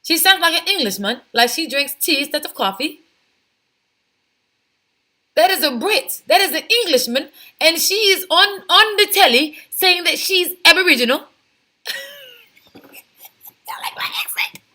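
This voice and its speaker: A woman with a high, sharp, bright voice delivers opinionated vlog commentary. She talks emphatically, piling up rhetorical questions and asides to her viewers. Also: expressive, moderate pace. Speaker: commentary vlogger. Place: home, lives in Texas.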